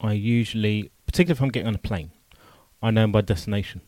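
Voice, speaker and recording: Low-voiced man, wry podcast co-host. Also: quick pace, darkish tone, dry recording. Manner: wry, joking asides. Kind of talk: casual chat.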